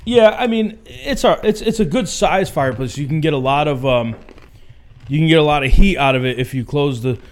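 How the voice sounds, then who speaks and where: A man's voice: a little high, animated, brisk. A man co-hosting a podcast in a large hotel room, rambling through a casual mock room tour on a wired mic, swearing and laughing often. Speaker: podcast co-host. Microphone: wired microphone on a cable.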